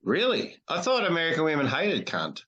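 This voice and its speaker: A man's voice: on the high side, wildly swooping pitch, fairly quick, pushed and bright, muffled recording. A middle-aged Australian man hosting an interview, blunt and crude in his teasing. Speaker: podcast host. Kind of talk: casual interview chat.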